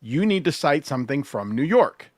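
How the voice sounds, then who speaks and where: A man guest explaining legal points in casual commentary, animated and profane, often laughing. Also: fairly high pitch, normal speed, dry recording, studio quality.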